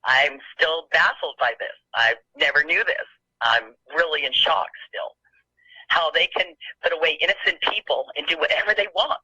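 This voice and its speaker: A man's voice: a little high, moderate pace, pushed and bright, slightly rough, dry recording. Furious man on a muffled phone line. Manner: angry, agitated, emphatic. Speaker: caller leaving public comment. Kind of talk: phoned-in public comment.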